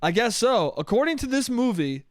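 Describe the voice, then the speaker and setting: A man's voice: very high voice, big pitch swings, normal speed, dry recording. A man hosting a solo comedy podcast, rambling and profane, often laughing at his own jokes. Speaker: podcast host.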